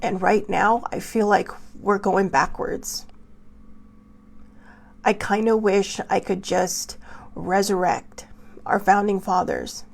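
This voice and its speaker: Impassioned gravelly woman host, slow speech. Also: medium pitch, little pitch movement. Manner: impassioned, pausing, swinging between soft whispers and raised outbursts. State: tearful, angry. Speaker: show host. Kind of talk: emotional personal commentary.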